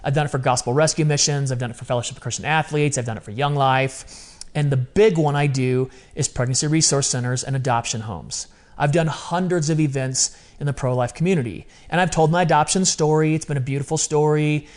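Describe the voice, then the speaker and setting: A man in his fifties, a podcast guest, telling a personal story in a lively, emotional way with quick asides. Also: a little high. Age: 50s. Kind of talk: conversational storytelling.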